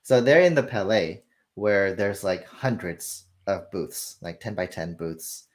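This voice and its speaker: Low-voiced guy explaining film deals, animated, acts out the bits. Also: a little slow. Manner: animated storytelling, acts out dialogue. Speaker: film industry guest. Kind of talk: casual conversational explanation.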